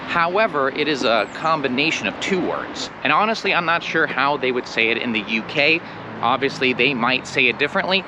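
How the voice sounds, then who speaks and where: A man with an American accent giving a casual spoken English lesson, slowing down to model example phrases. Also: mid-range voice, pushed and bright. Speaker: English teacher. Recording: clear street and traffic noise.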